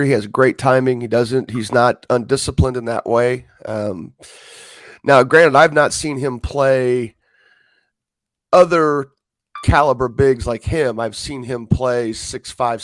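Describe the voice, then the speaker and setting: A man with a hoarse voice from a cold, talking basketball and local news as a coach and analyst on sports radio. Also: medium pitch, a little slow, no echo. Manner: rambling, restarts sentences. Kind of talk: casual sports radio chat.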